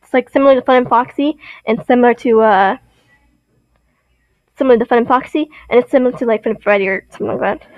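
A high-voiced young woman explains game lore casually. She rambles and giggles, often restarting her sentences. The recording sounds dull and dry, with no room echo. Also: brisk. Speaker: video creator.

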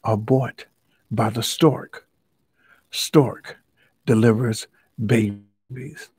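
A man voicing a calm, sensible female elephant in a children's story. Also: medium pitch, extremely slow, breathy edge, no echo, exaggerated voice. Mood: knowing.

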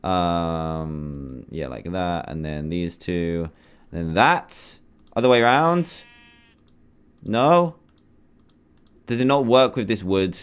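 A man in his twenties giving animated, self-mocking commentary on his Minecraft survival game, talking to himself as he plays. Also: sits low, takes it slowly, pauses often, clear, resonant tone. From England. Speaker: gaming YouTuber. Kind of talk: Minecraft let's play commentary.

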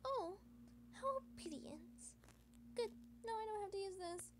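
Woman doing a charming gentleman thief. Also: very high voice, expressive, measured pace, background noise, voice pushed up. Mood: teasing.

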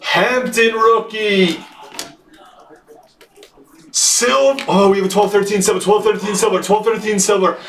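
Excited high-voiced man calling card hits. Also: unhurried, pauses often. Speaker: card break host. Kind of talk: live card break calling. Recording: echoey room with faint noise.

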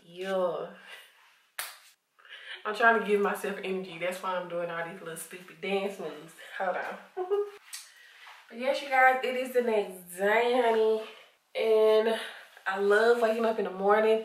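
A woman's voice: mid-range voice, unhurried, long pauses. Southern lady vlogging at home, sleepy, laughs a lot, says honey and y'all, kinda far from the mic. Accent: Southern US (Arkansas). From Arkansas, USA. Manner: chatty, laughs often, calls viewers honey and y'all. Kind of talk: casual chat to camera. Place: at home, indoors. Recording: roomy, from a distant camera mic.

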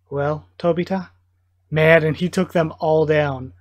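A man's voice: fairly high pitch, fairly even intonation, unhurried. A man hosting a live manga reading reaction, commenting in an enthusiastic, gushing fan manner. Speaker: reaction video host.

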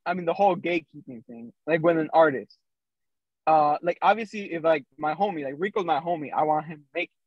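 A man's voice: a little high, a little fast, dry recording, lo-fi sound. A man co-hosting a podcast, telling a story in a loose, casual way with lots of fillers over a remote call. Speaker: podcast co-host. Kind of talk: casual chat.

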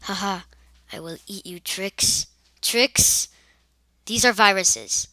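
A woman's voice: mid-range voice, slow, pushed and bright, no room sound. A woman giving casual, rambling gameplay commentary, full of silly asides. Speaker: let's play gamer.

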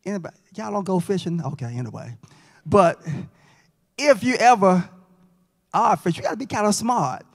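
A man's voice: sits high, expressive, normal speed, creaky, pauses often. A man teaching a Bible lesson in church, folksy, joking with and quizzing the class. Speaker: Sabbath school teacher. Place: church sanctuary. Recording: long church reverb.

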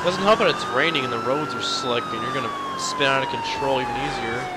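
A man with a very high, swooping voice talks slowly while he plays a game with friends. He keeps getting exasperated and shouting insults at them. Heavy game sound fills the background of his headset recording. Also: wildly swooping pitch. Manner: exasperated, yelling insults at teammates. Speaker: gaming channel host. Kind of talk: multiplayer gameplay chat. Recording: voice chat over loud game noise.

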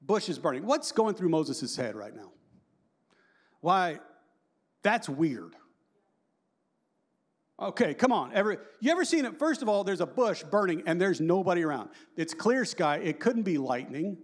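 A man in his fifties giving a lively, joking conference talk and quizzing the audience. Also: high voice, measured pace, pauses often. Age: 50s. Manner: animated and joking, asks the audience questions. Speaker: conference speaker.

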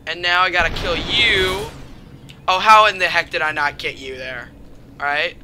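A young man commenting on a video game, excitable and given to sudden yelps and shouted exclamations. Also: on the high side, moderate pace, background noise. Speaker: gamer doing commentary. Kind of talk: let's play commentary.

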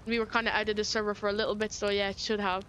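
A woman's voice: medium pitch, little pitch movement, racing, a bit bright, dull audio, slight background noise. An Irish woman streaming a game, chatting casually, swearing freely and often restarting her sentences. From Ireland.

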